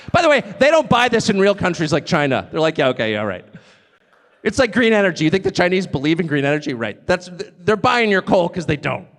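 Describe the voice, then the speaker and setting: Man, high lively voice, sarcastic live speech in a big reverberant hall. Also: brisk. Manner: conversational, sarcastic asides, laughs often. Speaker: speaker at a live event.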